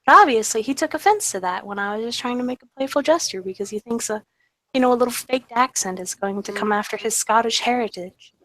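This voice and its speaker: A woman's voice: a little high, quick pace, fairly bright tone. A woman playing a tabletop role-playing game, describing her character in a chatty, rambling way with many fillers. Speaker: player. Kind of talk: casual tabletop role-play narration.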